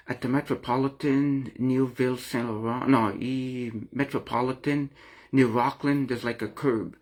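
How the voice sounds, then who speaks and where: A middle-aged man vlogging an earnest, rambling account of his own experience, often repeating and restarting his phrases. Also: medium pitch. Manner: earnest and emotional. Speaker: vlogger sharing personal experience. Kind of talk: personal confessional talk to camera.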